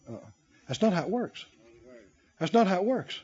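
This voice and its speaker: A man's voice: high-pitched, big pitch swings, moderate pace, husky, dull audio. A man preaching a sermon, telling stories dramatically and acting out the voices of the people in them. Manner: dramatic storytelling, acting out voices, shouting peaks.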